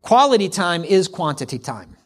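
A man's voice: high voice, very animated, normal speed, a bit bright. Conversational man preaching a sermon. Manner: conversational, acts out hypothetical quotes, repeats for emphasis. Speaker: pastor.

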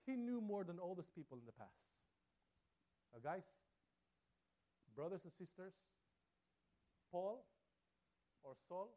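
A man's voice: sits high, sing-song, a little slow, long pauses, dark tone. A man preaching a sermon, emphatic and repetitive, with his volume rising and falling.

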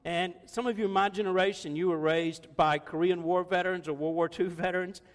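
Older male pastor, high voice, chatty and jokey delivery, echoing church hall. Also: fairly even intonation, a little fast. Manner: conversational, jokey, laughs often. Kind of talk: sermon.

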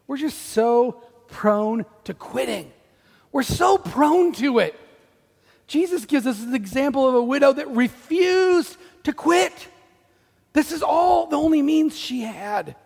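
A man in his forties delivers a sermon with a light, high-pitched voice. He tells stories in an animated, self-deprecating way, and his words ring out with a long reverb across a church hall. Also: a little slow, creaky. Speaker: pastor.

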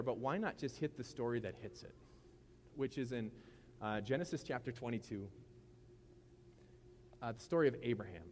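A man's voice: mid-range voice, normal speed, long pauses, a little mellow, slight background noise. A middle-aged man preaching a casual sermon as pastor, with conversational jokes and asides.

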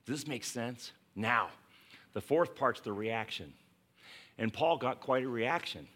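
Male pastor, bright and forceful tone, chatty preaching that acts out the Bible scenes. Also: medium pitch, a little slow. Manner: conversational, animated preaching with laughs; acts out scripture quotes in voices. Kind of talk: sermon.

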